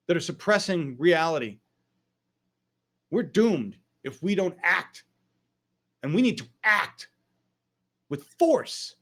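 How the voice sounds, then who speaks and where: A man hosts his own political talk show in a raised, high-pitched voice. He rants with open fury, swears often and punches out his points in emphatic bursts. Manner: angry, profane, emphatic outbursts. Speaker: online political show host. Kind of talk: political rant.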